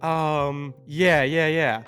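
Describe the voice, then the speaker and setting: A man's voice: on the high side, level tone, extremely slow, a bit bright, clean tone, soft background music. Rambling, hesitant male podcast guest. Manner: rambling, hesitant, many fillers. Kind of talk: casual podcast chat.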